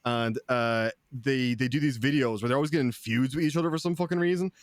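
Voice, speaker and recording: A man's voice: medium pitch, fast talker, no echo, studio quality. A man with an Irish accent telling stories in casual podcast chat, blunt and swearing. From Ireland. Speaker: podcast co-host.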